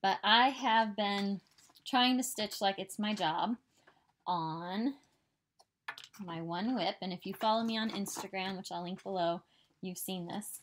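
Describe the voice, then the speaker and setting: A woman's voice: mid-range voice, a bit bright. Chatty upbeat Midwestern woman. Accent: Midwestern American. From southern Illinois, US. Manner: chatty and upbeat, rambling asides. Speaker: stitching vlogger. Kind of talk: casual chat. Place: home.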